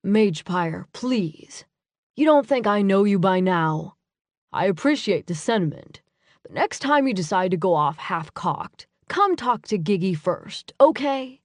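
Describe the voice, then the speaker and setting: A woman's voice: mid-range voice, lively intonation, a little slow, no room sound, natural voice. A woman voicing a bossy, chummy male mischief demon in an audiobook, scolding his friend. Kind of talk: audiobook character voice.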